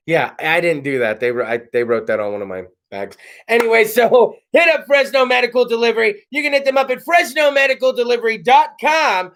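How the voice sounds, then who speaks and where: Brief: male host, rowdy and jokey, strikingly high-pitched. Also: a little fast. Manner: loud, joking, rowdy. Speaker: podcast host. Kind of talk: casual comedic chat show. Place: home studio.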